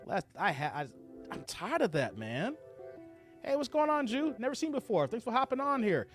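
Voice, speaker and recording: A man with a high, animated voice runs a livestream, reacting to clips and reading viewer comments. His delivery is heated and full of swearing, swinging widely up and down in pitch. Soft music plays faintly behind him. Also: moderate pace.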